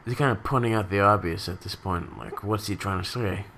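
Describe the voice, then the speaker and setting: A man's voice: fairly low pitch, a little fast, pushed and bright, a little hiss or hum. A man hosting a reaction video, chatting casually and rambling with frequent self-corrections as he talks to his viewers.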